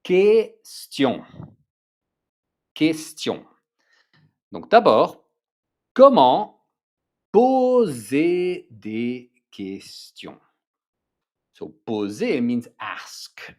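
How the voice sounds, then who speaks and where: A man's voice: mid-range voice, sing-song, drawn-out words, long pauses, darkish tone. A man teaching an online lesson, enthusiastic and checking in with the learner often. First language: French. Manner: enthusiastic, switches between English and French, many "right?" check-ins. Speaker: French teacher.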